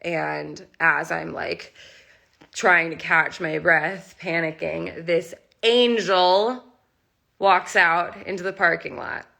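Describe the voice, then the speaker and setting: Gravelly-voiced young woman, near tears. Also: lowish voice, fairly even intonation, slow, bright, forceful tone. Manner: emotional, rambling, heavy use of "like". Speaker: animal rescuer and channel host. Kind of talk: casual live-stream chat. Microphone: phone.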